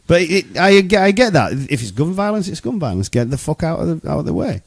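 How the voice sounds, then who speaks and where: Fired-up man ranting, pitch swinging widely. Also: sing-song, fairly quick, gravelly, no echo, clean studio sound. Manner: heated, profane ranting. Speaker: podcast co-host. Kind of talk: casual podcast chat. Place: Oshawa, Canada.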